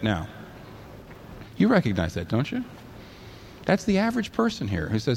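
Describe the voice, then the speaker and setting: An animated man delivering a sermon, his voice leaping up and down as he argues his case. He keeps voicing the other side's objections and answering them with pointed rhetorical questions. A faint ambient hum sits underneath. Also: fairly low pitch, brisk, long pauses. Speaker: preacher.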